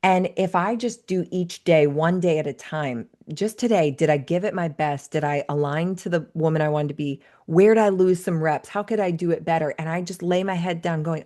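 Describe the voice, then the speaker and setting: A woman in her thirties guests on a podcast as a life coach. Her voice sits a little low, and she talks in an earnest, reflective way, sharing stories at a steady conversational pace. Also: normal speed, few pauses. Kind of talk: conversational interview.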